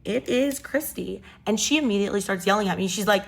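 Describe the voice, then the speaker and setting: A woman's voice: mid-range voice, quick pace, creaky, hardly any pauses. Young woman, casual storyteller, chatty and sassy. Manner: chatty, animated, sassy asides.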